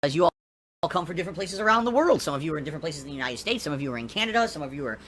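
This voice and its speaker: A man's voice: fairly high pitch, animated, fairly bright tone, a little hiss or hum. A male streamer from Connecticut, talking defensively to his viewers. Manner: talks quickly and defensively.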